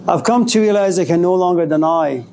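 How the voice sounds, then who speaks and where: A man's voice: animated, a little fast, gravelly, mellow, slight background noise. A man giving a classroom lecture, dramatically acting out scenes and jumping his voice up when he plays anger. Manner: dramatic, acts out scenes, swings pitch up when mock-angry. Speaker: college lecturer.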